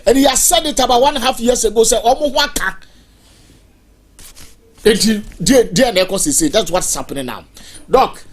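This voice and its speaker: A TV host with a Ghanaian accent, talking in a lively way and putting prodding questions, switching between English and Twi. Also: medium pitch, fast, husky.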